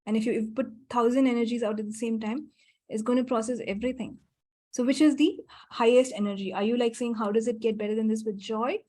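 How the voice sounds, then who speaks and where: A woman facilitating a group healing call over a video connection, reeling off repeated clearing phrases quickly and letting them trail off softly. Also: a little high.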